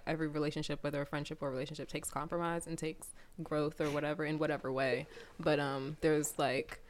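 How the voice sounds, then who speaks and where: A woman in casual chat, reasoning thoughtfully and in a measured way. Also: low-pitched, darkish tone.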